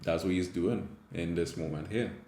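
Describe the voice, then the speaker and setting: A man's voice: low-pitched, steady tone, normal speed, creaky, mellow, roomy sound. A man with a Caribbean English accent, a Catholic theologian and teacher, giving a conversational scripture reflection with frequent tag questions.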